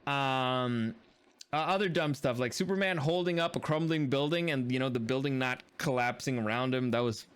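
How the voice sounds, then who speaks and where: A man's voice: medium pitch, normal speed, clear, resonant tone. A man giving a casual, rambling film review in a blunt and dismissive way. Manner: blunt and dismissive, repeats words like "dumb"; loose and rambling, with many fillers and restarts.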